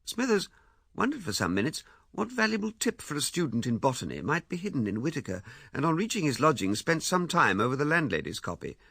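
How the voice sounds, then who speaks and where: Expressive male audiobook narrator. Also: on the high side, gravelly, slightly rough, dry recording, clean studio sound. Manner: measured, expressive storytelling.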